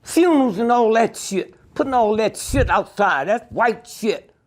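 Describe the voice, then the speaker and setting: A man's voice: high-pitched, animated, measured pace, darkish tone. An older man, telling stories bluntly and profanely in an interview, keeps asking "Huh?". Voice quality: gravelly and husky.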